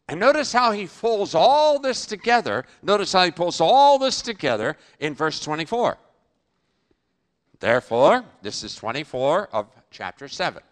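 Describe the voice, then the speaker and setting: A man preaching a sermon, emphatic, with sudden loud bursts, sudden quiet drops, and rhetorical questions he answers himself. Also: high-pitched, very animated, moderate pace.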